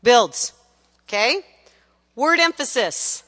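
A woman's voice: a little high, lively intonation, slow pace, fairly bright tone, big-room sound. A woman teaching a gospel singing class, coaching students energetically, counting them in and singing phrases to show them. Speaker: vocal teacher.

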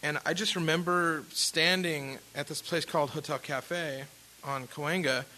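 A man's voice: fairly high pitch, measured pace, slight background noise, poor audio. A man casually telling a rambling personal story as a musician, with lots of fillers and restarts. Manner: rambling, animated, with fillers and laughs.

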